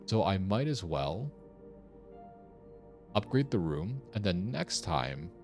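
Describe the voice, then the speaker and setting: Brief: young male streamer, low voice with lively swings, puzzling aloud, faint music behind. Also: slow. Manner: thinking aloud, puzzling over clues. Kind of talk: casual gameplay commentary.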